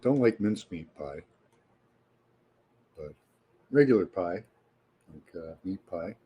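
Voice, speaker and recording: A man with a Canadian accent, hosting a live stream in a relaxed, rambling way and chatting casually with viewers. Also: low-pitched, slow, dull audio, a little hiss or hum. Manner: relaxed and rambling, with frequent fillers. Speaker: livestream host.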